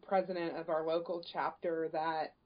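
A woman's voice: low voice, little pitch movement, moderate pace, lo-fi sound, slight background noise. A woman who presides over a local early childhood chapter, chatting casually and telling stories with enthusiasm on a podcast. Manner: enthusiastic, storytelling, many restarts.

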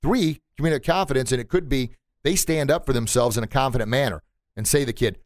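A man who runs a martial arts school talks on his podcast in a mid-range voice. He is animated and motivational, often slips into little acted voices and laughs at his own jokes. The sound is dry and close, with no room echo. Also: medium pitch, quick pace. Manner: animated, acts out quotes and sounds, laughs at himself.

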